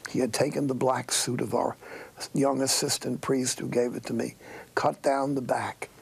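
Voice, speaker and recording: Older male priest, storyteller; gravelly and husky, wry with half-whispered asides. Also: medium pitch, flat delivery, moderate pace. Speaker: monastic priest. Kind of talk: storytelling talk.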